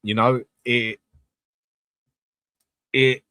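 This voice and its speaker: Blunt, swearing fan host. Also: male voice, lowish voice, very slow, pauses often, sharp tone, no room sound. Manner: blunt, swears freely, chatty with viewers. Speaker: host of a live fan channel. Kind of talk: live-stream chat reading comments.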